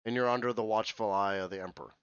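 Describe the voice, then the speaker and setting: A man's voice: lowish voice, fairly even intonation, fairly bright tone, smooth, no echo. A young man co-hosting a casual podcast, cracking crude jokes and laughing often. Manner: crude, laughing, quick wisecracks. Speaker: podcast co-host. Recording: dry, dull lo-fi mic.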